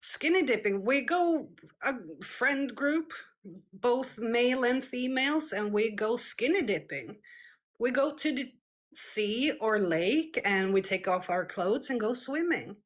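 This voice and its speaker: Slow, hesitant woman. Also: fairly high pitch, expressive. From Scandinavia. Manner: hesitant, searching for words, many fillers. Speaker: street interviewee. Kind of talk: casual conversation.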